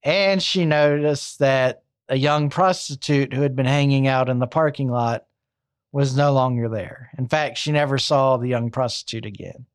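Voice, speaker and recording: A man's voice: medium pitch, fairly even intonation, moderate pace, no echo, studio quality. A young man narrating a true crime story casually, with wry asides.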